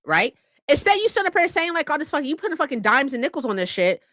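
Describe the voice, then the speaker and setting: A woman's voice: sits high, fast talker, no room sound. A woman book vlogger ranting in a heated, profane, casual way about reader comments. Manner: heated, profane, animated rant.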